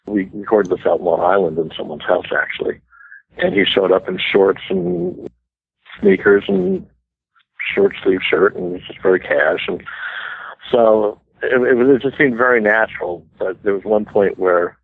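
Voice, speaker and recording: A man's voice: deep voice, expressive, moderate pace, creaky, breathy edge, dry recording. An American man in his sixties, a guest musician telling chatty, self-deprecating stories in an interview. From United States. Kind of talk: casual storytelling interview. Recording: tinny phone-line radio sound.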